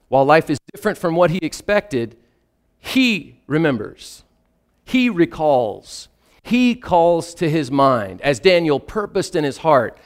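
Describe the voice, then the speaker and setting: A man delivering a sermon in a slightly high voice. He reads scripture slowly with weighty pauses, then turns to plain explanation for his listeners. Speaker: preacher.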